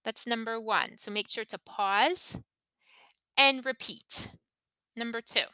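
Slow, crisp woman teaching pronunciation. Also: fairly high pitch, sharp tone, no room sound. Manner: careful, deliberate modeling of intonation. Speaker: English teacher and podcast host. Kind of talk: slow, clear pronunciation lesson.

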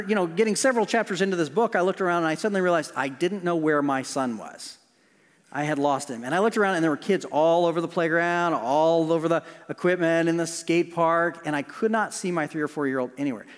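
A middle-aged male pastor preaching a sermon, shifting from loud emphasis to hushed near-whispers. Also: on the high side. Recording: long hall reverb.

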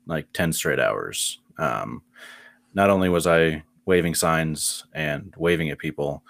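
A man's voice: very deep voice, slow pace, gravelly, a bit bright, no room sound, studio quality. A man co-hosting a podcast in casual chat, rambling with lots of fillers, his voice worn and tired. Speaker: podcast co-host.

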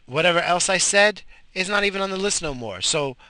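A man ranting profanely while driving his car, shouting in bursts at cyclists and other drivers. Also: high voice, expressive, brisk, smooth, dry recording. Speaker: vlogger.

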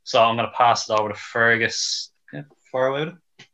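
A man's voice: medium pitch, steady tone, brisk, bright, forceful tone. A man hosting a casual podcast, presenting the running order in an upbeat way. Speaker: podcast host. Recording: dull, lo-fi sound.

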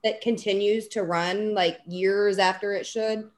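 A woman's voice: mid-range voice, steady tone, a little slow. A young woman, a dog trainer and podcast guest, chatting casually with plenty of filler words. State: pregnant.

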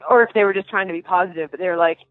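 A young woman telling a story in a casual interview, animated and emotional, with many restarts and laughs. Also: on the low side, very fast, no echo. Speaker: guest. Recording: dry, tinny phone-like line.

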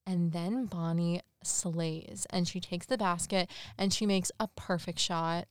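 A woman's voice: lowish voice, fairly even intonation, a little slow, hardly any pauses, smooth, dry recording, studio quality. Woman co-host retelling a plot. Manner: storytelling with quoted dialogue in a mock voice. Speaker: podcast co-host. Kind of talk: casual chat recapping a movie.

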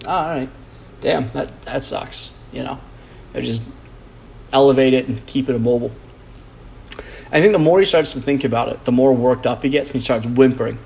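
A man talks through a loose, rambling podcast monologue. His delivery is blunt and profane, packed with fillers and false starts, and his pitch sits in the middle range. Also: a little fast, gravelly, long pauses, darkish tone, slight background noise. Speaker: podcast host.

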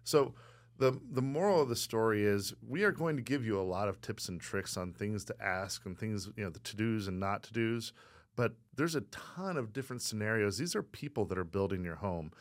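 Emphatic low-voiced man. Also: expressive, moderate pace, no echo, studio quality. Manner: emphatic, keeps adding "right?". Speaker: real estate agent and co-host. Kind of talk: casual chat.

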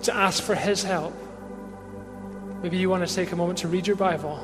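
A man with a high voice leads a church congregation in prayer, his tone gentle and inviting and his pace unhurried. His words ring out with a long reverb through the hall while the band's music plays behind him. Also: steady tone. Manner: gentle and inviting, slow and reflective. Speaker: pastor. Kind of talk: sermon closing in prayer. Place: church service with a band.

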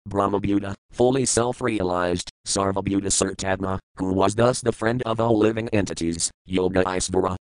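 A man reading scripture aloud in a steady, measured recitation of verses and word glosses. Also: fairly low pitch, clear, resonant tone, dry recording, rough recording. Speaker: reader.

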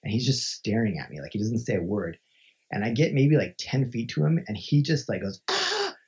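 A man from Montana, a podcast guest, telling a story in a lively, conversational way and acting out the voices he quotes, with many filler "like"s. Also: lowish voice, fairly quick, breathy edge. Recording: dull lo-fi recording.

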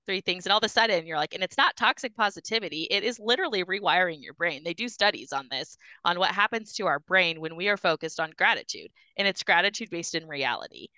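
Encouraging woman host, low bright voice. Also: lively intonation, fast, few pauses, no echo, poor audio. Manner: encouraging, chatty, affirming. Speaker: podcast host. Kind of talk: casual faith talk.

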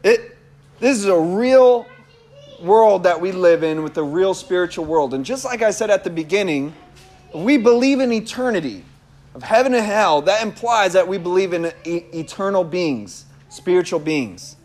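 A man preaching a sermon and telling personal testimony in an animated way, laughing often. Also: sits high, moderate pace.

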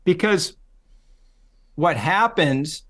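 Middle-aged guy, kinda high voice, chatty professor telling stories, does little voices. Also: drawn-out words. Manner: animated storyteller, acts out quoted voices. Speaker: psychology professor guest. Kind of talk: casual conversational interview.

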